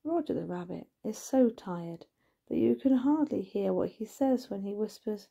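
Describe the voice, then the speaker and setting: A woman narrating a hypnotic bedtime story in a hushed voice, often slipping into a whisper and drawing out her words. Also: medium pitch, animated, normal speed, vocal fry, husky, highs cut off.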